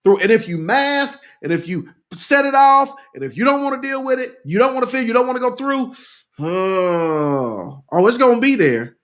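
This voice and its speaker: A man's voice: very high voice, lively intonation, moderate pace, a bit bright. A man hosting a talk, speaking in a rousing, repetitive way, addressing listeners as "y'all" and reading out their comments.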